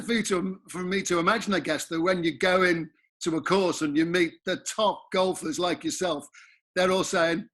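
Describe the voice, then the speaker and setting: A man's voice: high voice, a bit bright. A man co-hosting a podcast, asking the guest questions in a hesitant way with restarts. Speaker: podcast co-host. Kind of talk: casual podcast interviewing.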